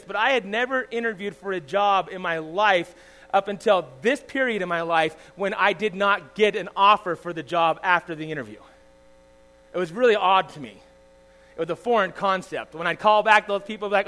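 A man preaching with a high, bright voice that moves along quickly. He tells his story in an animated, conversational way and turns often to his listeners. A faint mains hum sits under the recording. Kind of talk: sermon with personal testimony.

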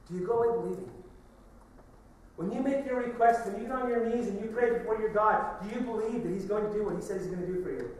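A man's voice: sits high, quick pace, hardly any pauses, slight background noise. A middle-aged man, a pastor, preaching a conversational sermon full of questions and asides. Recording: echoey church hall, from a distance.

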